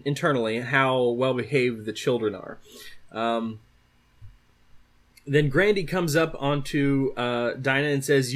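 A man's voice: mid-range voice, fairly bright tone. A man hosting a podcast, retelling a comic book story in a loose, casual way. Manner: loose retelling with fillers and restarts. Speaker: podcast host.

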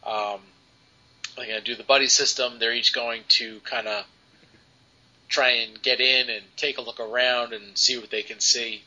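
Man, casual podcast chat, hesitant, very bright tense tone, muffled lo-fi sound. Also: medium pitch, steady tone, moderate pace. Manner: hesitant, many ums and restarts. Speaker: podcast co-host reviewing comics. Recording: dull lo-fi podcast audio.

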